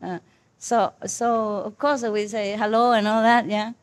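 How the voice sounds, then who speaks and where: An older woman, a spiritual teacher, shares a personal story with her disciples over a meal, laughing often and using lots of fillers in the casual chat. Her mid-range voice is fairly even in intonation and a little slow.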